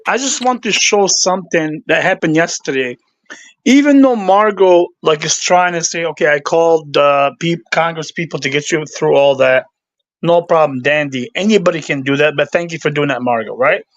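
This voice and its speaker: A man arguing as a panel guest, blunt and quick to interrupt. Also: on the high side, dry recording, highs cut off. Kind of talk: heated panel chat.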